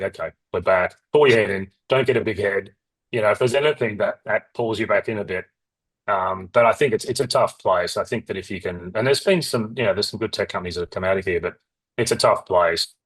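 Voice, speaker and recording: A middle-aged Australian man, a company founder, talking in a rambling, animated way with lots of restarts and asides in an interview. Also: fairly low pitch, fast talker, husky, no echo, low-quality recording. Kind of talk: casual interview talk.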